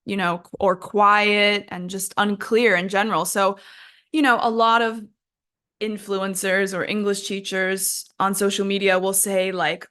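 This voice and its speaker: A woman's voice: mid-range voice, level tone, measured pace, a bit bright. A young adult woman, an English teacher hosting a podcast, explaining patiently in a chatty, self-deprecating way. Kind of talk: casual podcast lesson.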